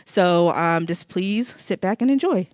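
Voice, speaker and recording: A woman's voice: lowish voice, lively intonation, a little slow, darkish tone, no echo, clean studio sound. A woman co-hosting a live event, presenting an award in an informal, giggly way. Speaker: event co-host. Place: event hall stage.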